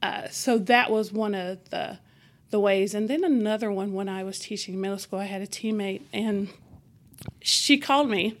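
A woman teacher as an interview guest, telling stories in a lively conversational way and acting out the exchanges she describes. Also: mid-range voice, moderate pace. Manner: animated, acts out quoted exchanges. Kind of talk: conversational storytelling.

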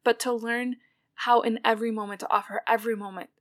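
A woman's voice: a little high, level tone, quick pace. A woman guest in a casual conversation about faith, explaining her ideas thoughtfully and at length.

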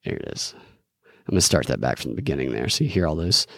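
A man's voice: very deep voice, big pitch swings, fast talker, vocal fry, dry recording, studio quality. A man hosting a podcast, mocking the clips he plays and parroting quotes sarcastically. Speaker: podcast host. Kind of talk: commentary over played clips.

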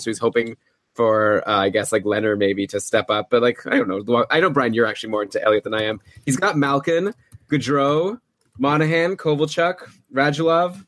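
A man's voice: mid-range voice, a bit bright, no room sound. Chatty upbeat man, dry close mic. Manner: chatty, upbeat, quick asides. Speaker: podcast host. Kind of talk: casual commentary on a fantasy hockey draft.

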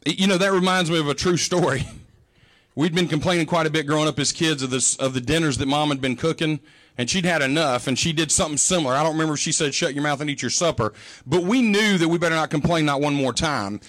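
Middle-aged male pastor, high-pitched, folksy storyteller with a joking delivery. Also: quick pace, a bit bright. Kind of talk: sermon.

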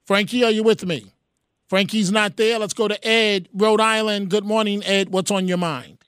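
Man, talk radio host, high voice, dry close studio sound, joking, emphatic. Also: fairly even intonation, moderate pace, a bit bright, clean tone, no echo. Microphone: studio microphone.

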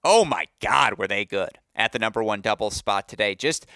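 A man's voice: lowish voice, normal speed, no echo, clean studio sound. Enthusiastic man hosting a sports podcast. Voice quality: slightly worn voice after a long day. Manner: enthusiastic, gets loud and excited telling stories. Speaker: podcast host.

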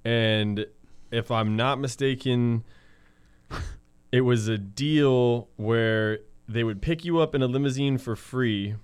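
A man's voice: medium pitch, slow, clear, resonant tone. A man co-hosting a podcast in casual chat, laid-back, teasing and profane. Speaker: podcast co-host.

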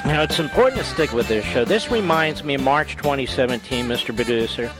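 A man hosting a political talk radio show, emphatic, jumping between loud rising outbursts and low asides into a studio microphone. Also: lively intonation, a little fast, loud music behind the voice.

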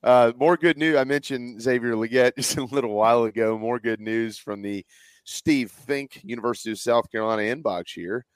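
A man's voice: mid-range voice, normal speed, clear, resonant tone, dry recording. Southern man hosting a sports podcast, dry. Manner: conversational, hands off to co-hosts. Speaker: podcast host. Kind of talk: casual sports talk.

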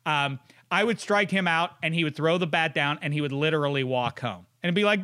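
A man's voice: on the high side, brisk, fairly bright tone, smooth. A man co-hosting a casual sports chat, rambling and repeating himself as he tells a story.

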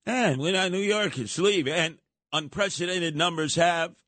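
A man's voice: on the high side, a little slow, heavy background noise. Combative New talk radio man. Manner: combative, mocking, uses nicknames. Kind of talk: political talk radio monologue.

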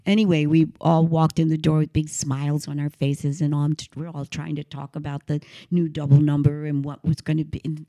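A woman singer being interviewed, telling lively anecdotes with many halting restarts. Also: low voice, no room sound. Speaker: guest singer. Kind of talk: casual interview storytelling.

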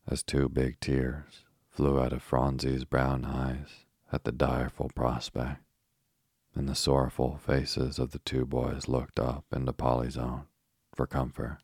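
Very deep calm bedtime-story man. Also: creaky, slightly rough, no echo, studio quality. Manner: calm and unhurried. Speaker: narrator.

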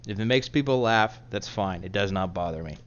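A man's voice: on the low side, a little fast, dull audio. A man co-hosting a podcast, telling a rambling, crude story in casual chat and laughing at himself as he goes. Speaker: podcast co-host.

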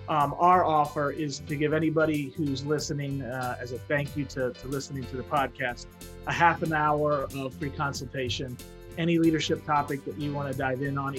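Earnest man with a higher voice. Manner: earnest, reflective, repeats words when starting. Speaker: author and guest. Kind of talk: conversational interview.

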